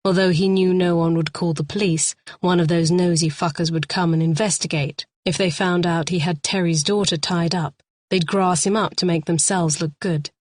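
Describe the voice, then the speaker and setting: Female audiobook narrator, low register, tense measured delivery, dry studio sound. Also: steady tone, a little mellow, no echo. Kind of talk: scripted thriller narration.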